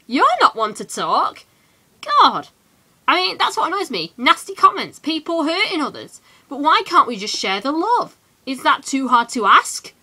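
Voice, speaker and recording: A teenage woman from England ranting in a casual vlog, animated and full of quick asides. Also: high-pitched. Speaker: vlogger.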